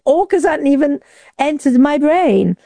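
A woman from Wales telling a lively story in an interview, acting out other people's lines with big jumps in her voice. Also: a little slow, vocal fry, dry recording, clean studio sound. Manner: lively, acts out quotes with big pitch jumps. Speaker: interview guest. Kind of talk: casual storytelling.

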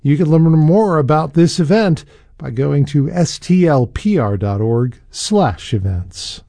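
A man's voice: on the high side, expressive, a little slow, vocal fry, dark tone, dry recording, studio quality. A man reading local radio station announcements and event promos in an upbeat manner.

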